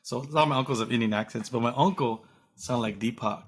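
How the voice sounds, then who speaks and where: A male comedian hosting a casual chat, an animated storyteller who acts out the voices of the people he describes. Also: medium pitch, fast talker, slightly rough. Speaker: comedian host.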